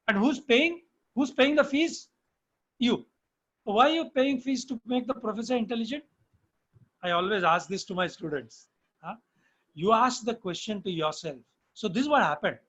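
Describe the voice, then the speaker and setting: Older professor, high voice. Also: male voice, a bit bright, lo-fi sound. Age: 60s. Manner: chatty storyteller, often asking "huh?" of listeners. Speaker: management professor. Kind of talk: lecture on an online webinar.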